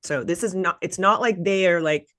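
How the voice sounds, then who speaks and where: A woman's voice: on the low side, moderate pace, fairly bright tone. A woman in her thirties from the American South, hosting a casual interview and telling stories with many "like" fillers. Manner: chatty storyteller, many "like" fillers. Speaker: podcast host.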